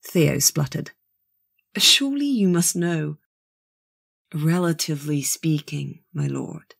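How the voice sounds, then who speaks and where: A woman narrating a fantasy audiobook in a measured way, reading the men's lines without much change of voice. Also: low-pitched, vocal fry, darkish tone, breathy edge.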